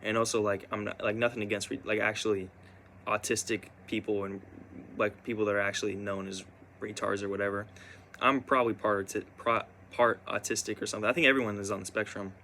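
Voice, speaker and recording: A young man telling a personal story in a rambling, halting way, full of restarts and fillers. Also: lowish voice, level tone, pushed and bright, slight background noise.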